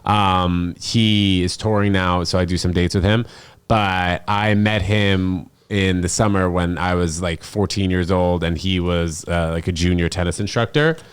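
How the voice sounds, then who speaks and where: A young man with a very low, deep voice chats casually on a podcast. He rambles through stories, leans on fillers like "like" and "um", and jumps up into exaggerated voices when quoting people. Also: fairly even intonation, a little slow, clean tone. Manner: rambling, filler-heavy storytelling with voiced-up quotes. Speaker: podcast host.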